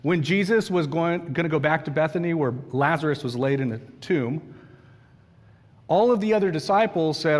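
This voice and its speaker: In a large hall, a man with a slightly high voice preaches a sermon conversationally at normal speed. He poses questions to his listeners and acts out the quotes he reads.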